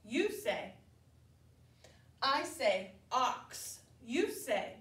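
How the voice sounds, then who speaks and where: A woman teaching preschoolers, speaking slowly and carefully, stretching out letter sounds and leading call-and-response drills. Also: on the high side, very animated, a bit bright, a little hiss or hum. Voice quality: clear, exaggerated enunciation of sounds. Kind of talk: slow, deliberate classroom instruction to young children. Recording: echoey room, distant mic.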